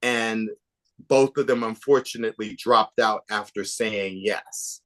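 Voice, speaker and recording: A man being interviewed on a podcast, telling behind-the-scenes stories in an animated, gossipy way, swinging between emphatic bursts and hushed asides. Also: lowish voice, a little slow. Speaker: podcast guest, author and documentary maker. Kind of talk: casual interview chat.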